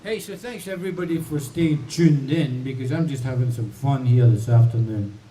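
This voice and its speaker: Dark-voiced man chatting between songs. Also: medium pitch, normal speed. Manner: rambling, chatty, thinks aloud. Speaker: musician hosting a livestream. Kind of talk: casual chat between songs. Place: home in the mountains. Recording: roomy, distant mic, faint hiss.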